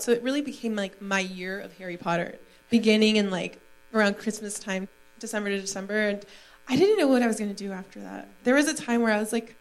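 A woman's voice: mid-range voice, fast talker. A woman guest on a stage panel who talks in a chatty, enthusiastic way. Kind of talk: stage conversation.

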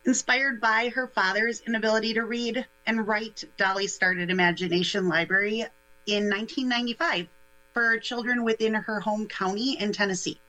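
A woman guest on a local radio show giving steady, informative answers. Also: fairly high pitch, normal speed, slight background noise, rough recording. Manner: steady, informative, a few fillers. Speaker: guest, nonprofit initiatives director.

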